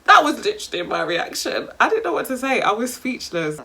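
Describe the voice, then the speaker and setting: A young woman with a London accent telling a storytime vlog in an animated, slangy way, swearing freely. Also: a little high, brisk, few pauses. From England. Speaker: vlogger.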